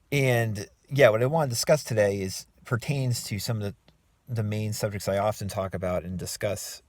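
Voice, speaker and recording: A man who coaches and writes self-help books, giving relaxed, reflective advice to the camera with many fillers and restarts. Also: fairly low pitch, creaky, dry recording. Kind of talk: casual talking-head advice.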